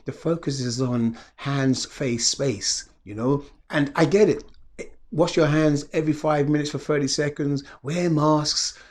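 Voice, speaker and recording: A man's voice: a little high, darkish tone. A middle-aged man, a wellness coach, giving an earnest reflective motivational talk full of repeated rhetorical questions.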